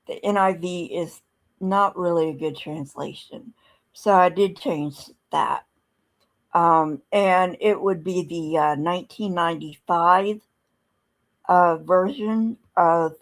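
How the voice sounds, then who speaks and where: A woman hosting a podcast, reading scripture aloud and commenting bluntly, with many ums and pauses. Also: lowish voice. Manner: slow, halting, many ums, blunt and sardonic. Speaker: podcast host. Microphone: streaming setup mic.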